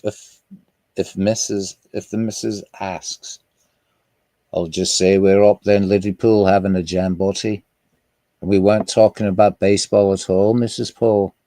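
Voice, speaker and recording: A man's voice: fairly low pitch, fairly even intonation, unhurried, mellow, dry recording. A man hosting a live stream in casual chat, rambling and chatty as he greets viewers by name.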